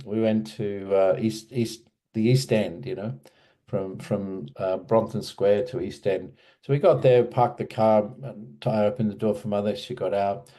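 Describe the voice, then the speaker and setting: A man's voice: fairly low pitch, fairly even intonation, moderate pace, mellow. A man casually telling a personal memory in an interview, hesitant, with many restarts and fillers. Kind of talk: casual storytelling.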